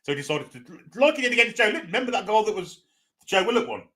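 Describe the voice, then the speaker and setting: A man trades football banter as co-commentator, talking quickly with a wildly swooping pitch. His voice is bright and forceful, and he is blunt, sweary and quick to laugh. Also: sing-song. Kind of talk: fan watchalong banter.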